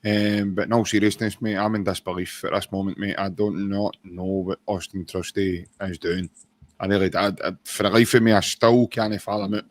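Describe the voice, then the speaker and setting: A man co-hosting a football podcast, talking in a casual, measured chat with many pauses and "um"s. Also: low voice, level tone. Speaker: podcast co-host.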